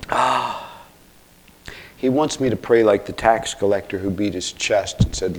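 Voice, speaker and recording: A man preaching an expository sermon, earnest, with self-corrections and asides, swinging from hushed near-whispers to loud, emphatic exclamations. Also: lowish voice, unhurried, slight background noise. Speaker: pastor.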